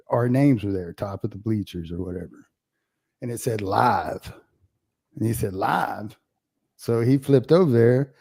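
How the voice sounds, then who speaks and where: Man, sports podcast co-host, animated storyteller, gravelly, mellow dark tone. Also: medium pitch. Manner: animated storyteller, acts out quotes. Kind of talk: casual sports chat, storytelling.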